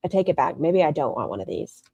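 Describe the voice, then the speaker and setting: A woman's voice: deep voice, very animated, fast talker, vocal fry, highs cut off, slight background noise. A woman making snarky reaction commentary on a video, mocking it and swearing freely. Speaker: commentary streamer.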